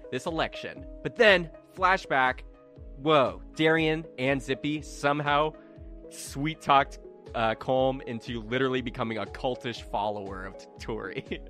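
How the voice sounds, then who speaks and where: A man's voice: medium pitch, pushed and bright. A man narrating as game master in a casual, rambling way with lots of fillers.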